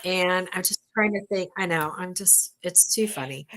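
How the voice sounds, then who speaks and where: A woman's voice: fairly low pitch, normal speed, fairly bright tone. A middle-aged woman hosts a casual craft livestream from home. She talks in a chatty, rambling way with frequent laughs and asides. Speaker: livestream host, bead weaver.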